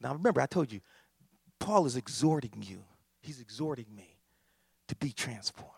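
A man preaching a sermon as pastor, animated, repetitive and emphatic. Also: medium pitch, moderate pace, creaky, pauses often, husky.

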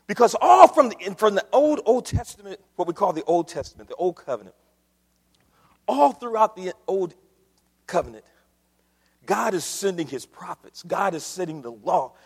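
A male preacher with a high, very animated voice, telling a story in a sermon. He swings from hushed asides to emphatic, loud lines, and the sound rings with a long hall reverb. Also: breathy edge.

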